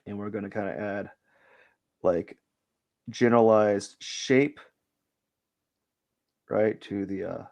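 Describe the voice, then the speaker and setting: A man's voice: on the low side, steady tone, slow pace, creaky, pauses often, darkish tone. A man hosting a live drawing stream, giving casual commentary as he works and thinking aloud in a rambling way, with lots of fillers.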